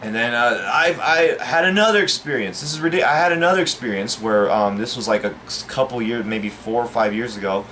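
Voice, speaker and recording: A man rambles through a personal story in a casual, halting delivery, stumbling over fillers and restarting his sentences. He sounds baffled and aggrieved, and his voice sits at a middling pitch. A faint noise runs behind him. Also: expressive, a bit bright. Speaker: storyteller vlogger.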